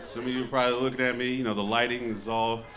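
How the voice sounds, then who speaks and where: A man in his thirties doing a stand-up set with a loud, profane, punchy delivery on a handheld mic. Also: medium pitch, little pitch movement, very fast, heavy background noise. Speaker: stand-up comedian. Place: comedy club stage with a live audience. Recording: roomy live club with loud crowd. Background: audience laughter.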